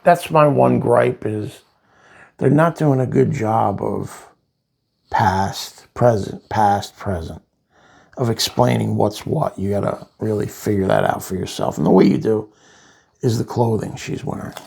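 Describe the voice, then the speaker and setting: A man casually reviewing a comic book, rambling through the plot with asides, in a gravelly voice. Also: lowish voice, a little slow, darkish tone.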